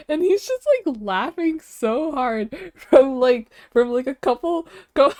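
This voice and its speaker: A woman's voice: sits high, expressive, slow pace, mellow, dry recording, clean studio sound. A young woman streamer chatting casually with her audience, telling rambling stories full of fillers and giggles. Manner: rambling, filler-heavy storytelling with frequent giggles.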